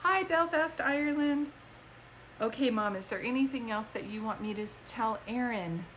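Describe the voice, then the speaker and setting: A woman's voice: mid-range voice, brisk, a little hiss or hum, low-quality recording. A woman working as a psychic medium, giving a rambling, emphatic reading to a caller. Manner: chatty, emphatic, rambling with restarts. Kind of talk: live-stream reading to a caller.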